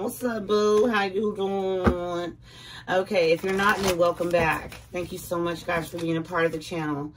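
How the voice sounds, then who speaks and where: A woman's voice: medium pitch, fairly even intonation, normal speed. A woman giving a casual tarot reading to her viewers, chatty and slangy, breaking into sing-song exclamations. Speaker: tarot card reader. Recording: distant mic with clear background noise.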